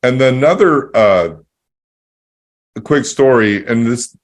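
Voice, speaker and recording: A podcast host chats casually, telling a rambling story with many restarts and acting out both sides of a conversation. His mid-range voice is expressive, and he takes it slowly.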